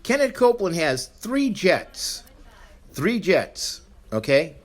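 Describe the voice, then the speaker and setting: A man's voice: sits high, big pitch swings, takes it slowly. A man hosting a podcast, delivering an angry, profane, blunt rant. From Arizona, US. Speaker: podcast host. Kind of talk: ranting monologue.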